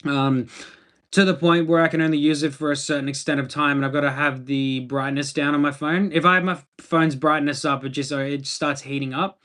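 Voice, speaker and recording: A man's voice: on the high side, flat delivery, a little fast, fairly bright tone. An Australian man chatting casually on a livestream, laid-back and rambling as he answers viewer comments.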